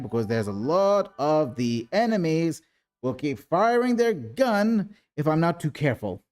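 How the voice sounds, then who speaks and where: A man's voice: mid-range voice, a little mellow. A man giving casual commentary on a playthrough of a video game, rambling and often restarting his sentences. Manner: rambling, with frequent restarts and repeated words. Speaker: gaming video host.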